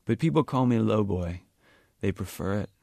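A man's voice: on the low side, lively intonation, moderate pace, gravelly, dry recording, studio quality, voice pushed up. A man voicing a paranoid sixteen-year-old boy who speaks in tense, insistent bursts. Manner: tense, insistent, loud outbursts.

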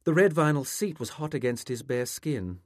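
A male author reading a passage of his literary novel aloud in a measured, expressive way, close to the microphone. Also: medium pitch, no room sound.

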